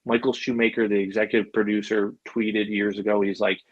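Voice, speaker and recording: A man's voice: fairly low pitch, little pitch movement, brisk, no echo, muffled recording. A middle-aged man from Buffalo, telling stories as a podcast guest in a loose, chatty way, full of "like" and "you know" and casual swearing. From Buffalo, New York, USA. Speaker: podcast guest, animal handler. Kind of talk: casual storytelling.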